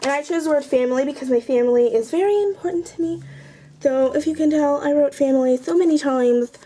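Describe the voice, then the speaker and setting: A woman's voice: sits high, fast talker, warm tone, a little hiss or hum. A young woman chatting casually, rambling and poking fun at herself as she shows off her art journal at home. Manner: chatty, rambling, self-mocking. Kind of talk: casual show-and-tell vlog.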